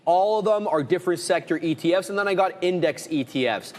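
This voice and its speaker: Man, casual trading chat, slightly high voice, reverberant sound. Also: fairly quick, slight background noise. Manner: relaxed, rambling, lists stock names. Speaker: trading show co-host.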